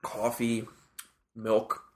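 A man tasting a beer and talking through its flavors in a casual, thoughtful chat, often pausing to find his words. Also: fairly low pitch, monotone, fairly bright tone. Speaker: beer taster.

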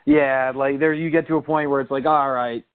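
A man's voice: a little high, fairly quick, background noise. A man from South Florida with a South Florida accent, chatting casually about bands he grew up seeing, laughing often. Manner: relaxed storyteller, laughs often. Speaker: podcast co-host. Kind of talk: casual chat about music. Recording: tinny phone-like line.

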